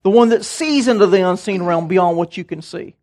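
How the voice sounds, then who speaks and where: An older man, preaching a sermon and telling stories in a folksy, animated way. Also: sits high, a little fast. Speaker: pastor.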